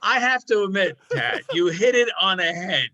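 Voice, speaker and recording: A man's voice: high-pitched, animated, normal speed, pushed and bright, dry recording. An older man co-hosting a casual podcast chat, rambling with plenty of laughs and repeated "I mean"s, over a video call. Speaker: podcast co-host.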